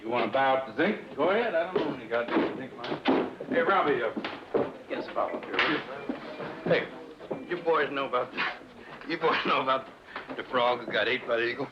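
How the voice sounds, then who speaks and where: A man's voice: mid-range voice, expressive, brisk, natural voice. An actor playing a cocky, crude frontier businessman who talks in a sarcastic drawl, on a muffled old film soundtrack with hiss. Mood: sly. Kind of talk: 1970s film western acting.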